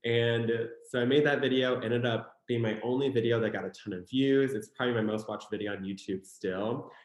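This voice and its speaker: A man's voice: mid-range voice, fairly even intonation, fairly quick. A young man from Michigan with a Michigan accent, a guest chatting casually and telling stories with plenty of fillers. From Michigan, USA. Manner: chatty storyteller, many fillers. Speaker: guest, content creator. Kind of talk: casual interview chat. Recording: echoey room.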